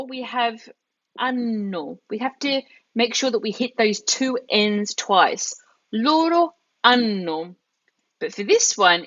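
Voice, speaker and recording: A woman's voice: mid-range voice, fairly bright tone. Woman teacher running a live online class, mid-range voice, patient and methodical, a bit muffled over a computer mic. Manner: patient, explains step by step with examples. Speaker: Italian teacher. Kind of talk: live online language lesson.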